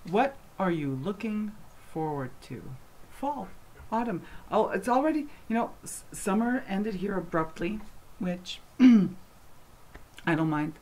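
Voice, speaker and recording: A woman vlogging at home, answering questions in a casual, rambling chat full of fillers, animated and passionate as she talks. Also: medium pitch, slow pace. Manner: animated and passionate when speaking.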